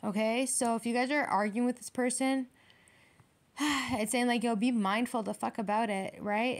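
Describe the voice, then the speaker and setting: A woman with a slightly high voice gives a casual tarot reading. She talks in a blunt, streetwise way. She swears freely and drops plenty of slang. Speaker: tarot reader.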